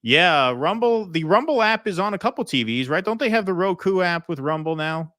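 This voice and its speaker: Bright-voiced man hosting a livestream. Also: high-pitched, expressive, a little fast, no echo, studio quality. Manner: chatty, thanks donors, many ums and restarts. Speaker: host reading viewer super chats. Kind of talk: casual political livestream chat.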